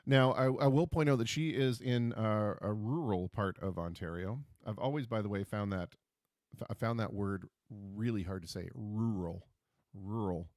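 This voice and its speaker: A man's voice: lowish voice, moderate pace, darkish tone, dry recording, clean studio sound. Jokey man hosting a livestream. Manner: jokey, self-deprecating, punning asides. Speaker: livestream host. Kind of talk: casual livestream chat.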